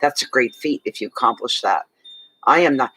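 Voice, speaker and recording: A man's voice: mid-range voice, expressive, moderate pace, pushed and bright, slightly rough, rough recording. A man giving a casual monthly tarot reading to his viewers, chatty and rambling, with many asides and restarts, tired and yawning. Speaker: tarot reader.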